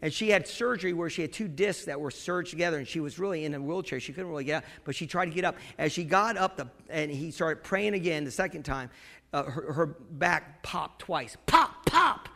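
A man preaching a sermon, moving between quiet storytelling and shouted exhortation to the congregation. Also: a little high, expressive, a little fast, vocal fry. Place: church. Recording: long reverb of a church hall.

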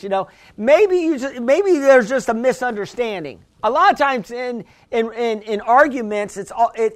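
A pastor preaching a conversational sermon, often restarting phrases and asking the congregation whether they hear him. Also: male voice, very high voice. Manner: conversational preaching with frequent restarts and call-and-response questions.

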